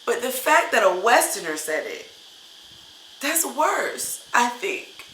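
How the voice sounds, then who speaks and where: A woman's voice: fairly high pitch, very animated, takes it slowly, pushed and bright, a little hiss or hum. A woman teacher venting in a casual vlog, upset and full of hesitant fillers. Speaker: English teacher. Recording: roomy echo.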